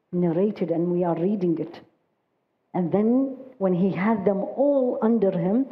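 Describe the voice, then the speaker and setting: A woman giving a religious talk, telling stories with feeling and reciting Arabic verses quickly. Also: on the low side, muffled recording. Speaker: religious teacher. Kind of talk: sermon storytelling.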